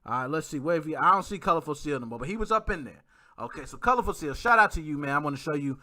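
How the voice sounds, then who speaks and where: A man hosting his own livestream podcast, chatting in slang, giving shout-outs and reading out viewer comments. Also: on the high side, expressive, racing. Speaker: podcast host. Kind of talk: casual livestream podcast chat.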